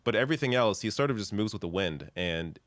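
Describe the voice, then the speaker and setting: Opinionated low-voiced male host, dry sound. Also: expressive, fast, fairly bright tone, no room sound. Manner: opinionated, heavy use of "you know". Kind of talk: conversational political discussion.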